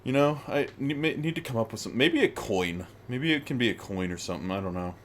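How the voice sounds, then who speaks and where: A man's voice: mid-range voice, animated, a little fast, a bit bright, a little hiss or hum. A man hosting a casual gaming stream, rambling with restarts and tangents as he thinks aloud.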